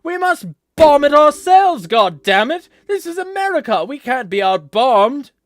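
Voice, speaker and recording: A man voicing a shrieking, warmongering American hawk in a shrill, shouting, mocking tone. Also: very animated, a little slow, no room sound, studio quality, full character voice. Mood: shrill outrage.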